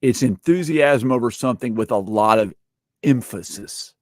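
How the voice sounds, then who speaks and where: A man's voice: medium pitch, normal speed, a little mellow, dry recording, clean studio sound. A man hosting a casual gaming chat, joking around and playful. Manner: playful, jokey, puts on accents. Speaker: podcast host.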